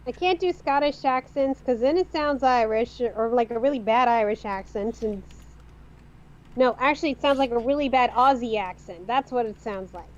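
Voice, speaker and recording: A woman's voice: on the high side, normal speed, dull audio. A woman in casual chat with friends, reacting with short, amused remarks.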